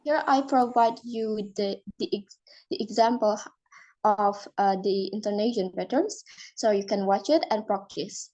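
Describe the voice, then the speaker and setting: A woman's voice: medium pitch, unhurried, dark tone, rough recording. A woman teaching an English phonology lesson, explaining step by step with fillers and restarts.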